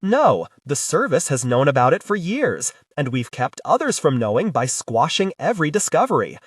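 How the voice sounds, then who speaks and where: A man's voice: a little high, very animated, moderate pace, husky, dry recording, clean studio sound, far from the mic. A man voicing a blunt, businesslike male boss of a space service in an audiobook. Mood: briefing.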